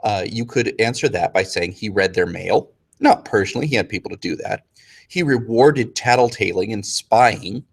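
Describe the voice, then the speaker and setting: A man teaching a casual history review lesson, joking with students and slipping into quick, slangy voices for historical figures. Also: lowish voice, expressive, vocal fry, slightly rough.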